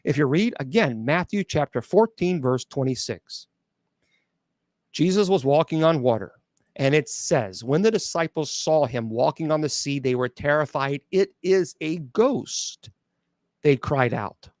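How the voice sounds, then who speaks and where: A middle-aged exorcist bishop and radio host speaks at normal speed in a medium-pitched, darkish voice with lively intonation, in clean studio sound free of room noise. On his live call-in show he handles chat questions bluntly and sarcastically, mocking doubters with voice imitations and frequently restarting, with filler sounds.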